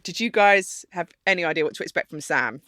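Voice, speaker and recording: Podcast host, female, lively chat with lots of laughter, bright tone. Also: lowish voice, fairly quick, dry recording, clean studio sound. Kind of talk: casual chat.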